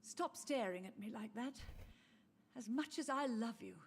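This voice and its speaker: An actress voicing a frail, confused old mother who grieves for her lost children, in a soft, wistful game performance. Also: fairly high pitch, a little slow, a little hiss or hum. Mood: mournful. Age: older. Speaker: game character. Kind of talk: video game voice acting.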